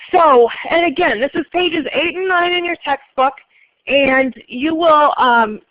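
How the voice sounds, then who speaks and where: Woman instructor, high voice, brisk lecture style, dull dry lo-fi classroom recording. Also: no room sound. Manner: brisk, polls students and repeats answers. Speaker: accounting instructor.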